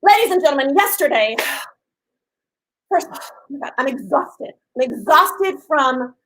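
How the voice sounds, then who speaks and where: A woman in her fifties hosting a casual live stream, gushing and talking loudly to her viewers. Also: high voice, expressive, normal speed, rough recording. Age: 50s. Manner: effusive and gushing, talks loudly.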